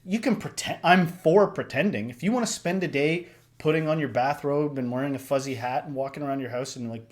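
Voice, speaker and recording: Animated man, casual reaction chat. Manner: animated, shifts pitch and loudness a lot, acts out voices. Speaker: reaction video host. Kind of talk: casual podcast discussion.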